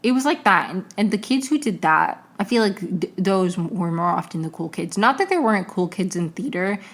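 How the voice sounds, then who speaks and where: A woman's voice: medium pitch, animated, moderate pace. A young woman hosting a podcast, recapping a TV episode in a rambling, chatty way full of tangents and self-corrections. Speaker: podcast host.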